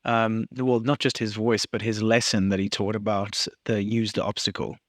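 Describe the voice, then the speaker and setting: A young man co-hosting a casual podcast, talking excitably and swearing freely. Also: on the low side, moderate pace, dry recording, studio quality. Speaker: podcast co-host.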